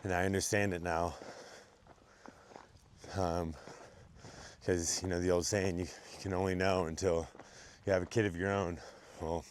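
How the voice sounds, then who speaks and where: A man's voice: low voice, level tone, unhurried, long pauses, slight background noise. A man talking casually to camera while hiking a steep wooded trail, slightly winded, easygoing with a few ums. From Montana. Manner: easygoing and conversational, with filler ums. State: slightly out of breath from hiking uphill. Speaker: real estate agent vlogging. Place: outdoors on a wooded trail, windy.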